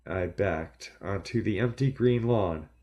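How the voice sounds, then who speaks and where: A man reading a first-person horror story aloud in a measured, dramatic storytelling delivery. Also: low voice, muffled recording. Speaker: narrator.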